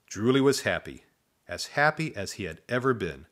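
A man reading a children's story aloud in a playful, expressive way. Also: on the low side, normal speed.

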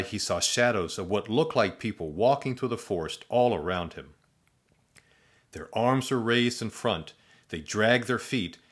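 Low-voiced deadpan storyteller man. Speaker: narrator. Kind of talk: comic storybook narration.

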